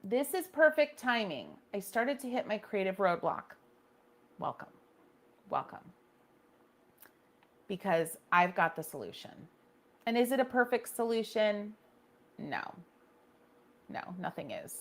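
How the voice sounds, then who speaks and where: A woman's voice: medium pitch, big pitch swings, normal speed. A woman hosting a casual painting livestream, chatting with viewers and reacting to their comments, often restarting her sentences.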